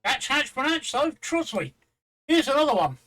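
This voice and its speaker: High, bright-voiced man chatting. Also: very animated, quick pace, faint music behind, rough recording. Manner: chatty, teasing, repeats himself. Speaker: stream host. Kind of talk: casual live-stream chat.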